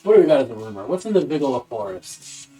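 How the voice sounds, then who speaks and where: A game master preps a campaign on a live stream, thinking aloud, muttering half-formed notes to himself and swearing casually. His mid-range voice is very animated, fast, dark in tone and slightly rough, with faint music in the background.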